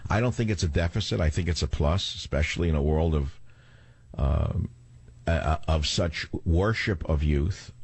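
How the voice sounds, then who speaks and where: A man's voice: rumbling low, darkish tone, breathy edge, dry recording. An older man hosting a talk radio show, theatrical and wisecracking, chatting with callers and musing on air. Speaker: radio host. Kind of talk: talk radio chat and monologue.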